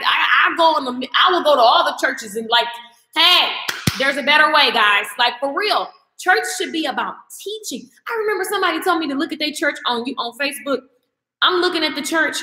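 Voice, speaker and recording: A woman with a high, bright, sharp-edged voice rants emphatically to her viewers, preaching her point and slipping into mocking asides. The sound rings in an echoey room with a long, hanging reverb. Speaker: vlogger. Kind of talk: passionate rant to camera.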